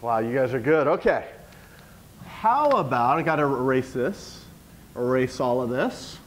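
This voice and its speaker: Teacher in a classroom, animated sing-song pitch, unhurried delivery, quizzing the kids. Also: slight background noise, low-quality recording. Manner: coaxing, asks the class question after question. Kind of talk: classroom lesson quizzing students.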